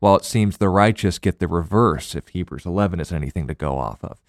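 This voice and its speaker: A man co-host on a ministry radio show, answering a listener's question in a measured, explanatory way and reading scripture aloud. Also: low-pitched, no room sound, studio quality. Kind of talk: radio Bible teaching.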